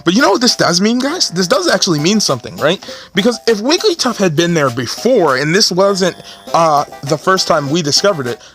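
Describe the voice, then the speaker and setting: A man commentating casually over a story game, joking in a playful, animated way. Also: fairly high pitch. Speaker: gameplay streamer reading game dialogue.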